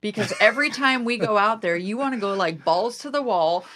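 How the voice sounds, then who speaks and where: A woman co-hosting a podcast, telling animated stories, acting out quotes and laughing often. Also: medium pitch, a little fast, a little hiss or hum. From Oregon. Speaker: podcast co-host. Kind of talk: casual podcast conversation.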